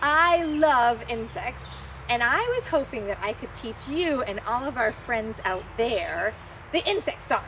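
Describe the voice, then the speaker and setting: A young woman educator explains things to children, high and expressive, her voice rising and falling as she teaches. Faint outdoor noise sits in the background. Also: a little slow. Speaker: nature educator.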